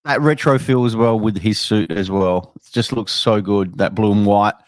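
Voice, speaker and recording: A man's voice: fairly low pitch, normal speed. A man hosting a casual weekly movie news show, upbeat, often chiming in with short agreeing replies. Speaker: host. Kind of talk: casual chat.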